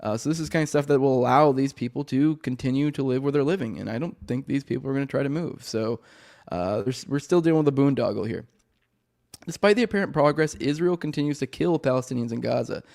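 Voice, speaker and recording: A man's voice: medium pitch, fast, gravelly, darkish tone. Choked-up man rambling through the news. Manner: rambling, many restarts and fillers, swears casually. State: choked up, voice rough. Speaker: podcast host. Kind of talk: casual news commentary, reading articles aloud.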